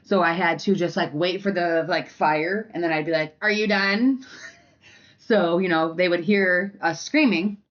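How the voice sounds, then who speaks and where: A young woman hosting a podcast, candidly telling a personal story in a casual way with lots of fillers, now and then shouting out past arguments. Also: lowish voice, fairly even intonation, unhurried, muffled recording. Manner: candid and conversational, full of fillers, acts out past arguments with loud bursts. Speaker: podcast host.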